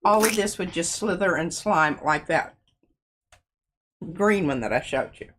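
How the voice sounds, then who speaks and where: A woman's voice: fairly low pitch, lively intonation, measured pace, slight background noise. A woman co-hosting a live art show, chatting and explaining each step as she works. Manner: chatty, explains steps while working. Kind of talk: live crafting demonstration.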